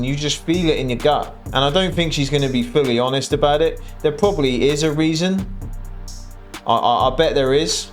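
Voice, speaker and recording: A man hosting a reaction commentary channel, talking bluntly and mockingly over clips. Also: fairly high pitch. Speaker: commentary host.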